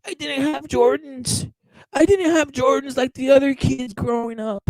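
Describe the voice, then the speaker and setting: A man's voice: very high-pitched, measured pace, no room sound, voice pushed up. A man voicing a whiny, spoiled young male boxer who complains about his childhood. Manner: whining, sing-song mockery.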